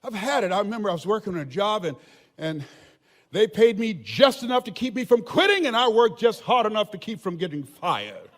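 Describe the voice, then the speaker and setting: Older man, motivational speaker, very high voice, emphatic storytelling, shouts and laughs, long hall reverb. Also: very animated, a little fast. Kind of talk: motivational speech to a live audience.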